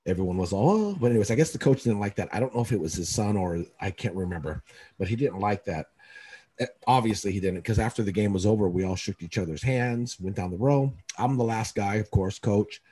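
Husky, warm-toned man telling stories. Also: lowish voice, a little fast. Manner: animated storyteller acting out quotes. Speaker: podcast co-host, youth basketball coach. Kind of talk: casual chat, storytelling.

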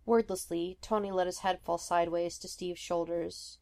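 Lady reading a fanfic podcast, steady and measured, voice on the low side. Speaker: podfic reader. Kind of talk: reading fiction aloud.

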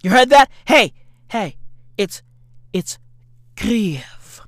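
A woman rants comedically in a high, wildly bouncing voice, with slow, deliberate delivery. She swears freely, leans on slang and rhetorical questions, and swings between shouts and hushed asides. The sound is close and dry. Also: animated, no room sound. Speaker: commentator. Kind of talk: comedic rant.

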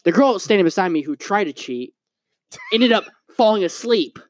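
A man's voice: high voice, animated, normal speed, no echo. A young man co-hosting a podcast, telling a story with lots of swearing and acted-out quotes in casual chat. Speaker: podcast co-host.

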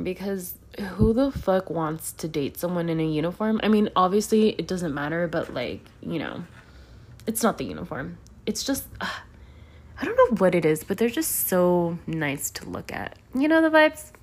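A young adult woman hosting a casual solo podcast, telling a story in an animated, heavily swearing venting style. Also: on the low side. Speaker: podcast host.

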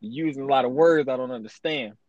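A man's voice: medium pitch, quick pace, dry recording, highs cut off. A man co-hosting a casual podcast, teasing his partner bluntly and swearing heavily. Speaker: podcast co-host.

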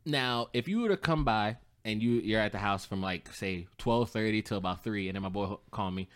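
A man's voice: lowish voice, a little fast, clean tone. A man speaking in a casual group talk, telling stories and acting out both sides of conversations. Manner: animated storytelling, acts out both sides of texts.

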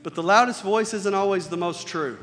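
A man preaching a sermon in a conversational style, moving between loud emphasis and soft, quiet passages. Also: high-pitched, normal speed, big-room sound, faint music behind. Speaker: pastor.

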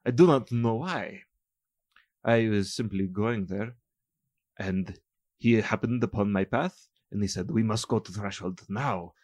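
A man's voice: fairly low pitch, darkish tone, dry recording, clean studio sound. A man voicing a solemn male wanderer who speaks formally and carefully in a tabletop game. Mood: earnest. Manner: formal, measured, no contractions.

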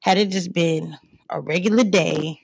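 Gravelly teasing podcast woman. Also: fairly low pitch, dry recording. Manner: teasing, storytelling, quick comebacks. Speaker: podcast co-host. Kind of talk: casual chat.

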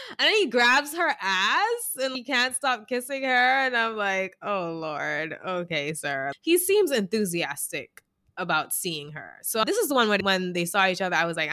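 Woman podcast co-host, bright lively voice, swears freely, casual recap. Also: medium pitch, normal speed, clean tone. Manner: animated, laughs often, swears casually.

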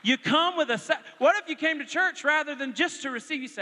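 A man preaches in a high, bright, forceful voice. He moves from easy conversational stories to loud, animated exhortation. His voice rings out with the long reverb of a large church hall. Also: brisk, hardly any pauses. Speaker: pastor. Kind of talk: sermon. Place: church sanctuary.

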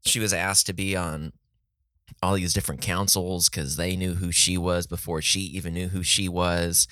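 A man's voice: deep voice, level tone, moderate pace, sharp tone, no room sound, studio quality. A man from San Diego co-hosting a podcast, telling a story in casual chat, laughing often and acting out the people he quotes. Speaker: podcast co-host.

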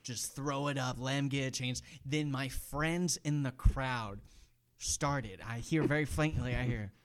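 A man co-hosting a podcast, telling stories in casual chat and loudly acting out other people's lines. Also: medium pitch, unhurried. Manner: animated, acts out voices in shouts. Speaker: podcast co-host.

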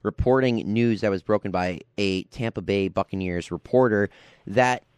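A man with a lowish voice hosts a laid-back sports talk show on college radio. He rambles and fills gaps with ums and you-knows, sounding affable. The sound is dry and close. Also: normal speed, a little mellow, clean tone, no room sound. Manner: rambling, filler-heavy, affable.

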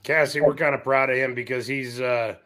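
A man's voice: medium pitch, steady tone, brisk, fairly bright tone. A man from Iowa co-hosting a live show, chatting casually with dry teasing remarks. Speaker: co-host. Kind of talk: casual chat.

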